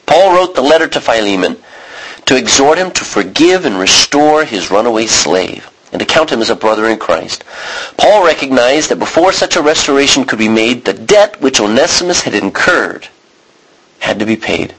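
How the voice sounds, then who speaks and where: An American man teaching a Bible sermon in a conversational way, often restarting and clearing his throat. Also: medium pitch, big pitch swings, normal speed, fairly bright tone, low-quality recording. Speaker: preacher.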